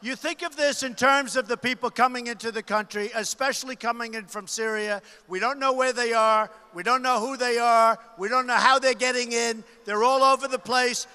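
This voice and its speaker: A man giving a loud, emphatic rally speech to a big crowd, repeating short phrases. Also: steady tone, moderate pace, hardly any pauses, clean tone. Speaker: political candidate at a rally. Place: large arena rally. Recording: booming reverb of a big arena.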